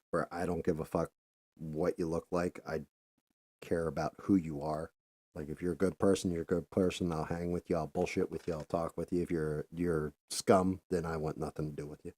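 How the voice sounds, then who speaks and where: A middle-aged podcast host with a very low, dark voice delivers a casual monologue, telling a story in a loose, profane, rambling way and restarting sentences. The recording is dry and close, with no room sound.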